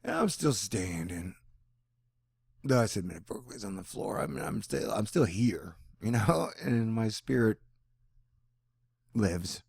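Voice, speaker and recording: A man talking in a rambling personal monologue, animated and drifting between topics, now and then slipping into mock voices. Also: lowish voice, unhurried, creaky, pauses often, husky, dry recording. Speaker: vlogger.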